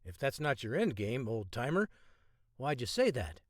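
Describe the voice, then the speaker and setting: A man's voice: mid-range voice, sing-song, moderate pace, no room sound. Terse, guarded male spy, dry delivery, read by the narrator.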